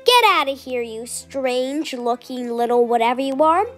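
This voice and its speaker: A woman voicing a bossy female crested dinosaur who gives a brisk, bossy warning. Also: sits high, lively intonation, a bit bright, soft background music.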